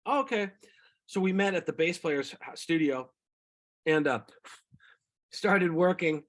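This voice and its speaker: Middle-aged musician guy rambling thru road stories, bit high voice, acts out what people said. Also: measured pace. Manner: rambling, animated anecdotes with quoted voices. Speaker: singer-songwriter guest. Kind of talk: casual storytelling interview.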